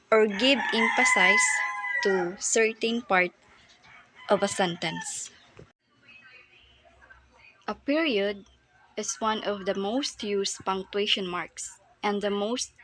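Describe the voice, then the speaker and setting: A woman with a Filipino accent teaching a grammar lesson, reading aloud slowly with fillers and restarts. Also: mid-range voice, fairly bright tone, a little hiss or hum, poor audio. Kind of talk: classroom lesson.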